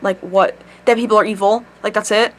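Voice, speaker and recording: A young woman vlogger casually telling a rambling story at home, animated, swearing and laughing often. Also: medium pitch, fairly quick.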